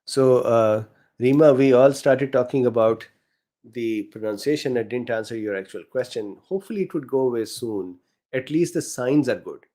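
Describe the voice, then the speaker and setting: Middle-aged male host, non-native accent, relaxed mellow delivery, casual live Q&A reading viewer chat. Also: mid-range voice, normal speed. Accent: non-native English accent. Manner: reads chat questions aloud, frequent fillers, chuckles. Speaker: host answering viewer questions.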